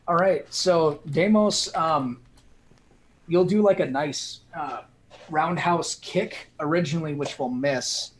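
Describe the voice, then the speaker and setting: A man running a homebrew tabletop game as game master, describing the action in a relaxed way with lots of fillers. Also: fairly high pitch, slight background noise, low-quality recording. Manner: relaxed, halting with many fillers.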